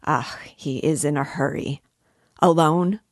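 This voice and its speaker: Woman reader voicing a pushy, excitable man of the law; low-pitched, dry read. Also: no room sound. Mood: excited. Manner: hurried, emphatic, louder than the narration. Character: excitable male police investigator, fussy and insinuating.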